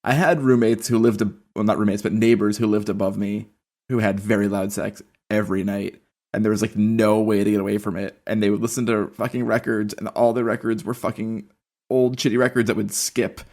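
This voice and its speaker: Low gravelly guy on a podcast, swears a lot, dry jokey anecdotes. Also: level tone, brisk, a little mellow. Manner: sweary, wry, tells anecdotes. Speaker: podcast co-host. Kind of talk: casual chat.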